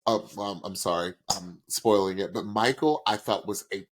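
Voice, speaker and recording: A man co-hosting a podcast, chatting casually and excitably as he reacts to singers, and sometimes demonstrating notes himself. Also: fairly low pitch, normal speed. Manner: animated, excitable, demonstrates singing. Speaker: podcast co-host.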